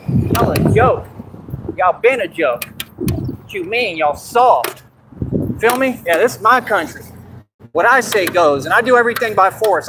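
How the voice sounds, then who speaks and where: A man's voice: high voice, noisy background. A man from Texas on a phone livestream, ranting in a brash, confrontational and boastful way. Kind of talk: livestream rant.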